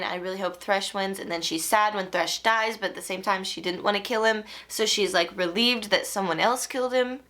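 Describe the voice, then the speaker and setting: A woman's voice: medium pitch, a bit bright. A young woman book vlogger chatting casually and animatedly about a novel, often laughing. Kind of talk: casual reading vlog.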